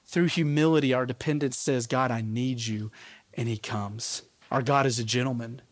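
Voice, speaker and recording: A man's voice: mid-range voice, steady tone, normal speed, no echo. A man giving a conversational sermon as a pastor, laughing at his own asides.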